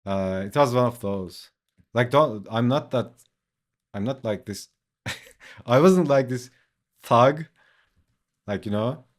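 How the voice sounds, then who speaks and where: A man who is not a native English speaker, telling a story in a relaxed, casual way while streaming his drawing. He swears, leans on "like" and laughs often. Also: medium pitch, slow, pauses often.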